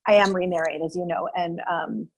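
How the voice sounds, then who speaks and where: A woman talking as a guest in an interview, telling a personal story in a lively way with many fillers and restarts. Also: fairly low pitch, fairly quick, gravelly, rough recording.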